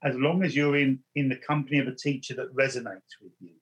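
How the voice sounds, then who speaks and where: Husky man telling his story. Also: mid-range voice, steady tone, fast, rough recording. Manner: earnest, repeats and restarts words. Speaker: spiritual medium. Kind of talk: storytelling in conversation.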